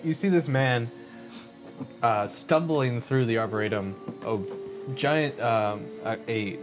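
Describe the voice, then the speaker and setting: A man running a tabletop game as game master, narrating haltingly with many restarts and laughs over background music. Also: mid-range voice.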